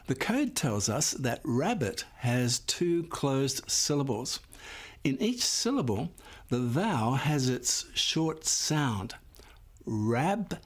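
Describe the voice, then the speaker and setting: A man teaching a phonics lesson, explaining syllable rules patiently and sounding out words slowly and clearly for the class. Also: medium pitch, sing-song. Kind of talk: slow, clear classroom instruction.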